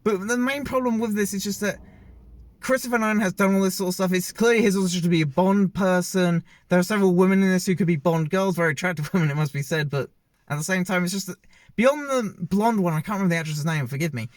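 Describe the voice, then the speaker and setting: A man's voice: sits high, quick pace, no room sound. Rambling man reviewing a film, dry sound. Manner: rambling, hesitant, many fillers and restarts. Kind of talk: casual spoken movie review.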